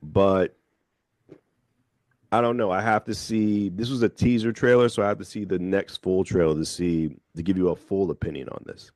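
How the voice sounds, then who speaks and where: Man, radio host, very low voice, measured and thoughtful, dry close studio sound. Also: fairly even intonation, a little mellow, no echo. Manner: measured, thoughtful, slows down to stress points. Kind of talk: casual radio chat. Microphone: studio microphone.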